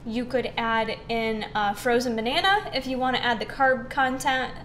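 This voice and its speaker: A woman's voice: a little high, normal speed, a bit bright, a little hiss or hum. A young woman hosting a casual recipe demonstration, chatty and upbeat, with lots of "um" and "like". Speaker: fitness recipe host.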